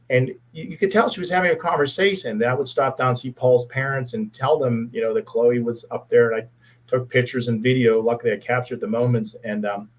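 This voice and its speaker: Man, middle-aged, husky, mid-pitched, earnest storyteller, repeats himself. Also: poor audio. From Pittsburgh area, US. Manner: earnest, heartfelt, repeats words. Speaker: guest, former police officer and advocate. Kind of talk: storytelling in a casual interview.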